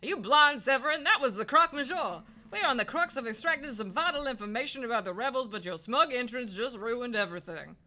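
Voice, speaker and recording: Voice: mid-range voice, expressive, fast, hardly any pauses, sharp tone. A player voicing a hot-tempered male falcon lawyer who snaps back indignantly. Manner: indignant, snappy.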